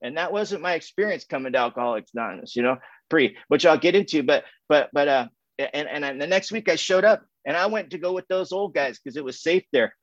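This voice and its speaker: Over a video call from home, a man shares his recovery story at a meeting, rambling loosely with many fillers, restarts, and laughs. His slightly high voice is animated and fairly quick, and the audio is dull with no echo.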